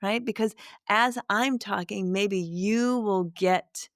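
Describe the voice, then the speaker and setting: A middle-aged woman, a spiritual medium, telling a personal story to listeners in a gentle, reflective way with many restarts. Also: medium pitch, slow pace, no echo, studio quality. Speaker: spiritual medium, podcast host.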